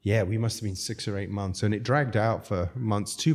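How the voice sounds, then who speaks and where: Guy with a low mellow voice rambling thru restaurant stories, laughs a lot. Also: fairly even intonation, moderate pace. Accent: non-American English. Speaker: restaurateur guest. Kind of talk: casual storytelling chat.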